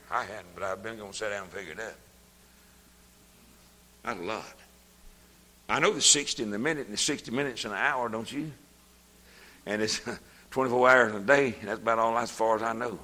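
An older man preaching a sermon, folksy and plain-spoken, his voice swelling up into shouts. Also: fairly low pitch, in a large hall.

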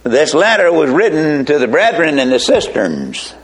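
A pastor preaching a sermon slowly and emphatically, with folksy asides. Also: male voice, on the high side, huge pitch swings, crowd noise.

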